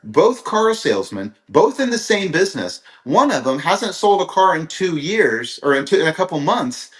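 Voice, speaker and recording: A man's voice: on the high side, big pitch swings, normal speed, a bit bright, reverberant. Earnest rambling man from Kansas. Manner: rambling, earnest storytelling with many restarts. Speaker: motivational speaker. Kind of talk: live-streamed motivational talk.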